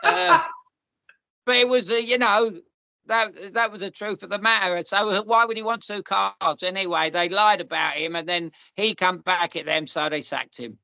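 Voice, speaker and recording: A man's voice: sits high, normal speed, gravelly, bright, forceful tone, no room sound. A man, hosting a podcast and telling long rambling stories in a casual chat. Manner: rambling, restarts and repeats, storytelling. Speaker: podcast host.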